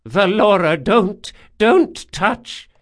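A man's voice: high voice, animated, slow pace, pitched above the performer's own voice. A man voicing an aging, grieving woman scholar who pleads insistently. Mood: urgent pleading.

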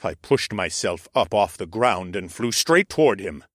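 A man narrating a first-person audiobook in an expressive, sardonic storytelling manner. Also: lowish voice, normal speed, no echo, studio quality.

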